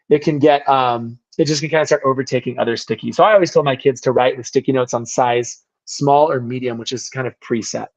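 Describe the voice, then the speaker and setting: A man with a worn-out, hoarse voice running an online software workshop, upbeat and chatty with little jokes. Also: on the high side. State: hoarse, voice worn out from talking all day. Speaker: workshop host. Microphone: video call. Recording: dull lo-fi call audio.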